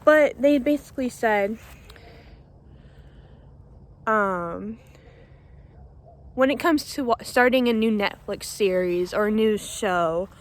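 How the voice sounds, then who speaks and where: Out by a pond in the cold, a young vlogger talks in a casual, somewhat emotional way, a bit out of breath. She speaks softly and slowly in a voice on the high side, pausing often and laughing a lot.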